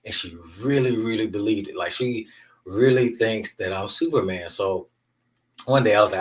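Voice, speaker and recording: On his own podcast, a man with a lowish voice speaks at normal speed, candidly and emphatically recounting stories in a casual monologue. The recording places him far from the mic.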